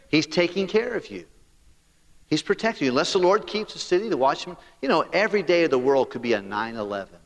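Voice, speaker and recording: A man preaching a sermon as pastor, animated and talking straight to his congregation. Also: on the high side, quick pace, big-room sound.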